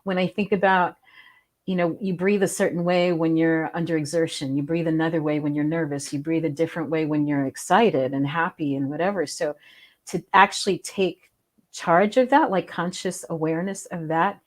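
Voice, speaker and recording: Calm, reflective woman host. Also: low voice, moderate pace. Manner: gentle, reflective, guides others through calm breathing. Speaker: host, spiritual teacher. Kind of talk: casual conversation on a video call.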